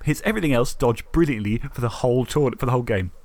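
A man on a podcast, telling the story of a tabletop game match in a lively way, swearing and acting out his own thoughts. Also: medium pitch, quick pace. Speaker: podcast co-host. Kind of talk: casual tabletop game recap.

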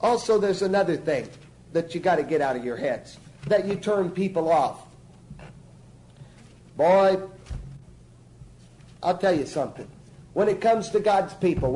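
High-voiced, mellow emphatic preacher man. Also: a little hiss or hum, poor audio. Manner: emphatic, folksy, keeps asking "see?". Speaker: preacher teaching a church class. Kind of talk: spoken church teaching.

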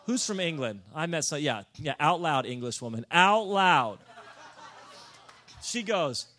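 Animated high-voiced preacher telling stories. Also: male voice, measured pace. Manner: animated, self-mocking, bursts into loud comic shouts. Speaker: pastor. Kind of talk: sermon storytelling. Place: church or conference room.

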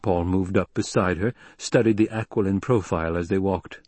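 Man, audiobook narrator, even measured reading, lowish voice, dry close sound. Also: no room sound. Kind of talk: scripted narration.

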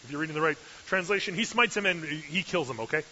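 Forceful male preacher, joking sermon. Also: fairly high pitch, lively intonation, fast. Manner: humorous, sarcastic asides. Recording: dull lo-fi recording with hiss.

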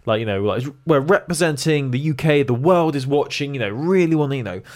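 A man's voice: mid-range voice, expressive, brisk. A young man co-hosting a casual podcast chat, jokey and rambling. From United Kingdom. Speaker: podcast co-host.

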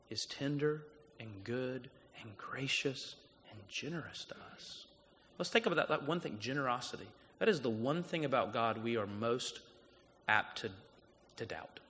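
Man preaching, bright voice, long hall echo, loud then hushed. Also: medium pitch, a little hiss or hum. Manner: storytelling, rising to loud urgent passages then dropping soft. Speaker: guest pastor. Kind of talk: sermon.

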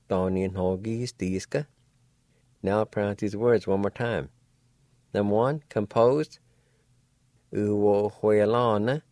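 Low slow-talking guy teaching words on the radio, mellow voice, sounds each syllable out, dry studio sound. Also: steady tone, no echo. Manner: slow, patient, encouraging, spells and sounds out syllables. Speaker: language teacher. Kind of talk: slow radio language lesson.

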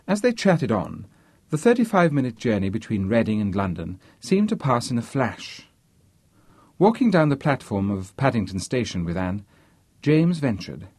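A male narrator reads a novel aloud with an animated, expressive delivery. His voice has a husky grain. The recording is dry and close. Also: lowish voice, normal speed, no echo. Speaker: audiobook narrator.

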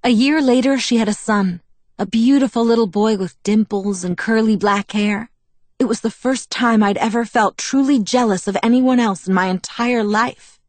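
A woman's voice: fairly high pitch, normal speed, a little mellow, no room sound, natural voice. A woman voicing a proud, bitter young woman vampire who tells her past in a wistful, self-mocking way, in an audiobook. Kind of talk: audiobook character reading.

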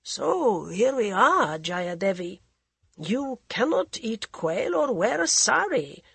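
A woman's voice: a little high, very animated, slow, gravelly, fairly bright tone, breathy edge, no room sound, voice pushed up, heavily acted. A woman voicing a mocking, aloof young prince who speaks in a cool, condescending way.

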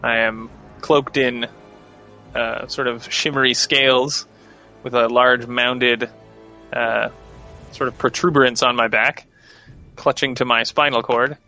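A man playing a tabletop game, speaking with wry, deadpan humor. His voice is bright and mid-pitched. Faint music runs behind him. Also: takes it slowly, pauses often. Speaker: player. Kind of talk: tabletop role-play.

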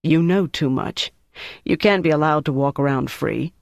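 Male narrator voicing calm firm officer, measured, dry close sound. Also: fairly high pitch, vocal fry, no echo. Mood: cool. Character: cool, composed male officer. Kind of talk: audiobook character voice.

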